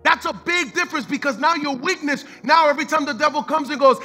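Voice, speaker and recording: A man's voice: extremely high pitch, a little fast, hardly any pauses, sharp tone, faint music behind. A man preaching a sermon as pastor, fervent and repetitive, mixing in street slang and the odd line of Spanish.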